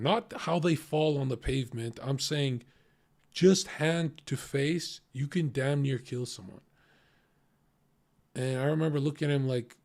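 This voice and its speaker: A man streaming, telling a story casually in a blunt, profane way. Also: medium pitch. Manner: profane, blunt, animated retelling.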